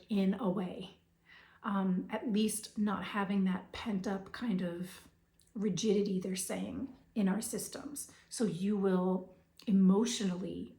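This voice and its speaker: A woman with a hoarse voice giving a spiritual reading, hesitant and full of fillers, sometimes dropping to a whisper. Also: medium pitch, dark tone, reverberant. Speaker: intuitive reader.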